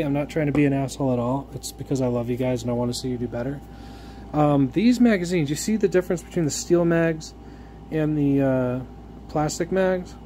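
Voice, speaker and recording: A man talking in a slightly raised pitch, swearing freely as he tells a frustrating story. He rambles, restarts his sentences and drops fillers in a loose vlog style. A faint hiss of noise sits under his voice. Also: warm tone. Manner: profane, exasperated storytelling. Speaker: gun vlogger. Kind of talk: casual unboxing rant.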